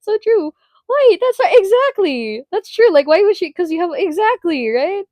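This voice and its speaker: Animated high-voiced Filipino woman streamer. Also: moderate pace, dry recording, dull audio. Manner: animated, laughing, mixing English with Tagalog. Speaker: live streamer. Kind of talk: casual chat with viewers.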